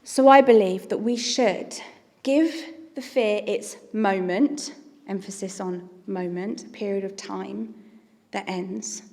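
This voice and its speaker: A woman's voice: medium pitch, steady tone, slow, vocal fry, darkish tone, long reverb tail. A woman giving an earnest, conversational sermon as a preacher.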